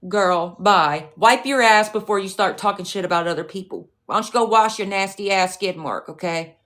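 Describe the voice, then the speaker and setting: A woman's voice: mid-range voice, moderate pace, fairly bright tone. A woman livestreaming, ranting at a rival and her chat in a profane, confrontational way, with mocking, scornful asides.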